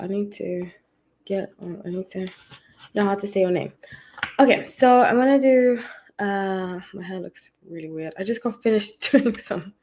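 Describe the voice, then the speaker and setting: A woman's voice: mid-range voice, warm tone. Chatty woman hosting a tarot livestream. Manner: chatty, greets viewers by name, rambling asides. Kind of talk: casual livestream chat. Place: at home.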